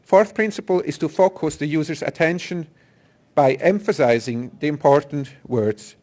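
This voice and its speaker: A man's voice: fairly high pitch, moderate pace, darkish tone. A man giving a technical conference talk, explaining speech synthesis principles step by step. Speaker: conference presenter. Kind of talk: technical presentation. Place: conference hall.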